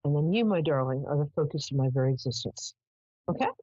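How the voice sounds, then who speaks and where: Husky low-voiced woman psychic host. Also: animated, fast, mellow, no room sound, lo-fi sound. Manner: chatty storyteller, affectionate with callers. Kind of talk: live call-in psychic show.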